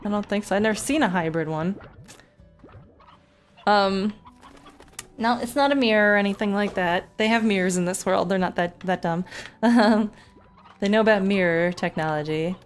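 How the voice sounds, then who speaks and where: A woman streamer in casual gameplay commentary, telling stories in a chatty, animated way and swearing often. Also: mid-range voice, normal speed, long pauses, faint music behind.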